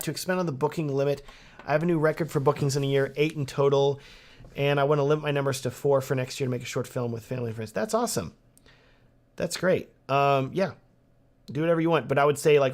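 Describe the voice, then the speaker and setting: A man with a Texan accent hosting a casual livestream Q&A, answering viewer questions in an upbeat way with lots of "um" and "like". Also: mid-range voice. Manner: casual and upbeat, many fillers like "um" and "like". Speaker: wedding videographer hosting a livestream Q&A.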